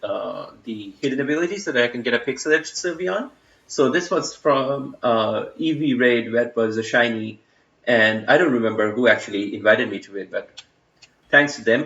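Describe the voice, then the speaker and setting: A man's voice: mid-range voice, vocal fry, fairly bright tone. A young man with an Indian accent, streaming a game and chatting loosely with his viewers, full of fillers and restarts. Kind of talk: casual live-stream chat. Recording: roomy, slightly dull home stream audio.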